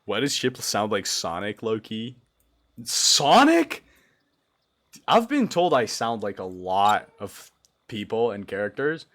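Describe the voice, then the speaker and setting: A young man from Brazil chatting on a livestream, sleep deprived, giggly and rambling, dropping to mumbles and jumping to loud yelps. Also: lowish voice, expressive, measured pace. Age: young adult. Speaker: streamer. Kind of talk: casual livestream chat.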